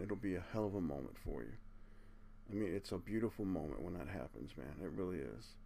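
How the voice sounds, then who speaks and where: Gravelly low-voiced man preaching to viewers. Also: darkish tone. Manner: earnest and preachy, keeps tacking on "man"; blunt, curses casually. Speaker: video channel host. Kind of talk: impassioned monologue to viewers.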